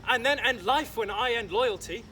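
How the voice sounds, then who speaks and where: A man's voice: very high-pitched, moderate pace. A man playing an impassioned young lover. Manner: impassioned, at times shouting. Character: young male lover Lysander, passionate. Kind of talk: outdoor stage acting of verse. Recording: outdoor recording with clear background noise.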